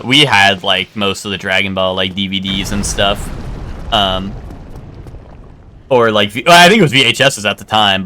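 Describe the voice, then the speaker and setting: Young male streamer with a bright, forward voice, loose rambling chat, lots of fillers and casual cursing. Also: on the low side, slight background noise. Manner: rambling, many "like" fillers and restarts; swears casually. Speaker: game streamer.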